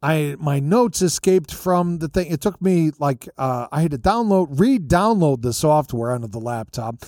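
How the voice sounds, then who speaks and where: A man's voice: a little high, lively intonation, moderate pace, few pauses, darkish tone, dry recording, clean studio sound. A man hosting a podcast, telling a rambling, self-deprecating story in a casual monologue from a hotel room with makeshift soundproofing. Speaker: podcast host. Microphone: podcast mic through an audio interface.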